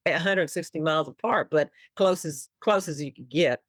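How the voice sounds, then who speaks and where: A woman's voice: sits low, moderate pace, no room sound. A woman from Austin with a Texan accent, a musician guest telling stories in a casual interview and acting out quotes. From Austin, Texas. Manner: animated storyteller who acts out quotes and laughs often.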